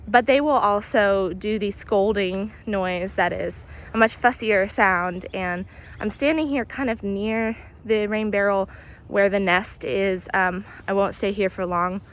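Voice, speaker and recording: A woman guiding an outdoor nature walk, explaining bird sounds in a relaxed way with many pauses and imitating the calls. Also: mid-range voice. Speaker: naturalist guide. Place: outdoors near hedges and compost bins.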